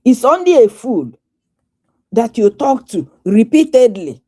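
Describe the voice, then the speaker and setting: A woman's voice: fairly high pitch, big pitch swings, unhurried, mellow. A woman with a Nigerian Igbo accent speaking as a guest on a talk show, angry, emphatic and lecturing. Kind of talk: casual talk show chat.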